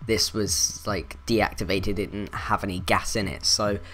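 A man's voice: lowish voice, steady tone, normal speed, fairly bright tone. A man telling a childhood story to his viewers in a rambling, casual way full of fillers. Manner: rambling, filler-heavy, self-interrupting. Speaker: vlogger.

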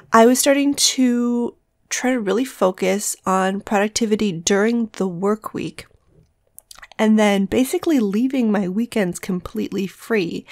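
Soft-spoken woman with a groggy morning voice. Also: mid-range voice, dry recording, studio quality. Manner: speaks softly to avoid waking the household; rambling, self-correcting. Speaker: planner vlogger. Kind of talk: casual voice-over vlog. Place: separate room at home.

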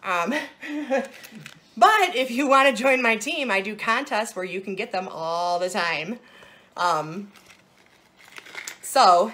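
A woman's voice: medium pitch, animated, takes it slowly, pauses often, a bit bright, a little hiss or hum. A woman hosting a casual live jewelry sales show, bubbly and playful, gushing over each piece.

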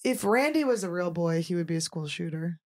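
A woman's voice: on the low side, animated, darkish tone. A woman from Philadelphia with a Philadelphia accent, hosting a casual comedy podcast in a brash, joking manner. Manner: brash, joking, quick to laugh. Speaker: podcast host.

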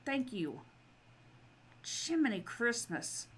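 A woman narrates her game in a casual let's-play style, pitched a little high with a bright, sharp edge to her tone. She talks straight to the characters on screen, coaxing and pleading with them in an exasperated, chatty way. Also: big pitch swings, slow pace, slightly rough. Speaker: gaming video creator.

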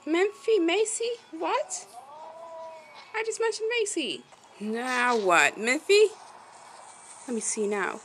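A woman streaming a game, chatting to the animals in it like pets and breaking into lively exclamations. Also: sits high, slow, long pauses, a little hiss or hum, low-quality recording. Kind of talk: casual game commentary.

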